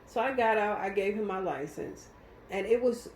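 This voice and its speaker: A woman's voice: medium pitch, moderate pace, darkish tone, slight background noise. Woman telling a personal story, emotional and vivid, recorded in an echoey room. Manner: vivid, emotional retelling with acted-out quotes. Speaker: guest telling her story. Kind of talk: casual storytelling. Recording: roomy echo.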